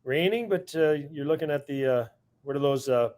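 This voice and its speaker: A man's voice: fairly high pitch, moderate pace, darkish tone. A man in casual podcast chat, hesitant and full of fillers.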